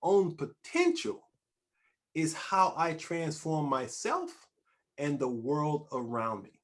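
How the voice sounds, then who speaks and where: A man hosts an interview in a lively, emphatic way, often restarting his phrases. His voice sits a little high for a man, and his pitch swings widely as he makes his points. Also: takes it slowly. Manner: emphatic and animated, with repeated restarts. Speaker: talk show host. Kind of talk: conversational interview.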